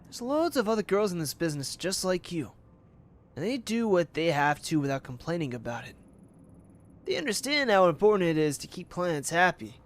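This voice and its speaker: A man's voice: high voice, very animated, normal speed. A man voicing a cruel, controlling talent manager, bullying and scolding while reading game dialogue aloud. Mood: contemptuous.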